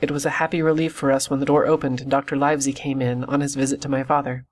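A man reading an audiobook in steady, measured scripted narration. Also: mid-range voice. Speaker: audiobook reader.

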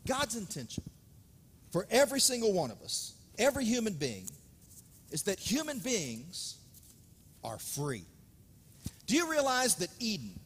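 Male preacher, high husky voice, dramatic build-ups and hushed asides, long hall reverb. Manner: dramatic, swinging between loud emphasis and hushed asides. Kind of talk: sermon. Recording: reverberant hall, speaker off-mic at times.

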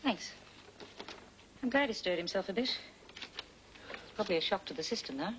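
An actress playing a cheerful mother who chides her husband briskly, in the style of 1980s TV soap acting. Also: mid-range voice, lively intonation, fairly bright tone, slight background noise, lightly acted, poor audio. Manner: brisk, chiding. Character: cheerful, teasing middle-aged mother. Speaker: mother and wife.

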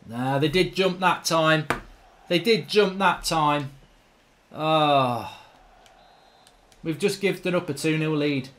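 A man giving live gameplay commentary as a channel host, ranting in exasperation with lots of swearing, swinging between low mutters and shouting. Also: slow, long pauses, a little hiss or hum.

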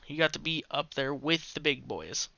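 This is a male streamer talking loosely over a hockey video game, excitable and quick to swear. His voice sits a little high and swings widely in pitch, bright and clean. The sound is dry and close. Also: creaky, no room sound. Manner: excitable, swears freely, rambling. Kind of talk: casual live gaming commentary.

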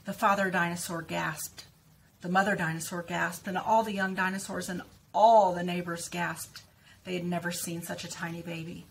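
Woman speech teacher, lower voice, clear deliberate articulation, story read-aloud with drills. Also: flat delivery, a little hiss or hum. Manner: slow, clearly stressed repetition of target words. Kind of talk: reading a picture book aloud with word practice.

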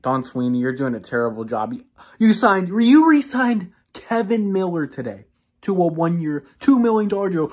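A woman hosting a sports fan channel, giving an exasperated, scolding reaction rant that swings between low muttering and raised outbursts. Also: big pitch swings, moderate pace, darkish tone.

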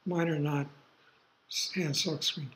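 An older man giving a university lecture, rambling through relaxed asides with fillers. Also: fairly high pitch, unhurried. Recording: roomy lecture hall.

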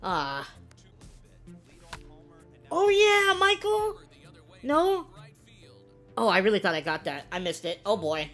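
A woman giving casual commentary on her own video game play, swinging from low-key play-by-play to loud, excited yelps. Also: moderate pace, faint music behind. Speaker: gaming video creator.

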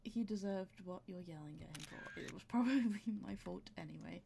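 Female gamer narrating her play, chatty and laughing, gravelly fry and audible breaths over faint hiss. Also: on the low side, fairly quick. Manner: chatty, talks to her game characters, laughs often. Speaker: gameplay commentator. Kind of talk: casual gameplay commentary.

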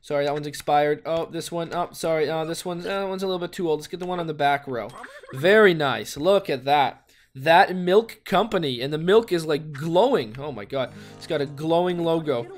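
A man hosting a gaming video, giving casual, excitable play-by-play commentary and exclaiming and swearing often. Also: fairly high pitch, moderate pace. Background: faint background music.

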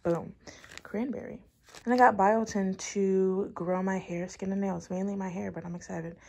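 A woman's voice: mid-range voice, fairly even intonation, normal speed, creaky, a little mellow. A woman in her twenties talking casually at home to her camera, bubbly and chatty, with lots of "like" and "literally". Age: 20s. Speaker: vlogger. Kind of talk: casual chat.

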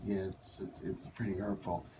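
A man's voice: sits low, little pitch movement, moderate pace, noisy background. An American man hosting a casual radio interview, blunt and joking. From United States. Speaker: radio host.

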